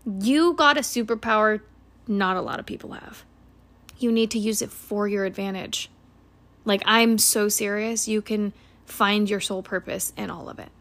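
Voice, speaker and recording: A woman's voice: mid-range voice, moderate pace, a bit bright. A woman in her late twenties hosting her own podcast, giving a blunt, earnest motivational talk full of swearing. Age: 20s. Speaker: podcast host. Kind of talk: casual motivational monologue.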